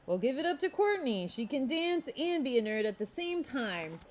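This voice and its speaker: A woman's voice: a little high, big pitch swings, fairly quick, darkish tone, pitched above the performer's own voice. A woman voicing a sarcastic, teasing teenage boy in a read-aloud story.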